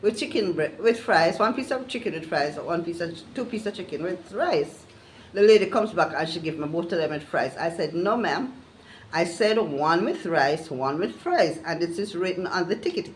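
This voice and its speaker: A woman's voice: on the low side, brisk, slight background noise, rough recording. An older woman, telling a fed-up story about bad customer service in a casual vlog rant. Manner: exasperated, animated, retelling conversations. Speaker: vlogger.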